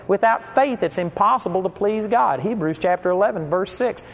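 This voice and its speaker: High-voiced man preaching in an echoey hall. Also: animated, moderate pace. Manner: conversational storytelling, direct questions to the congregation. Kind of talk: sermon. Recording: echoey hall, dull lo-fi sound.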